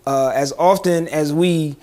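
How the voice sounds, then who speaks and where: A man's voice: a little high, a little slow, a little mellow. A young man co-hosting a podcast, telling a story in casual slang and laughing often. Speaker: podcast co-host.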